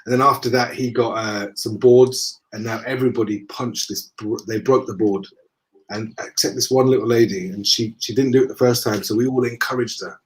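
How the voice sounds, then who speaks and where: A man with a Northern English accent, a guest in a conversation, telling lively anecdotes and acting out the dialogue. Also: mid-range voice, brisk. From northern England. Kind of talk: casual storytelling in conversation.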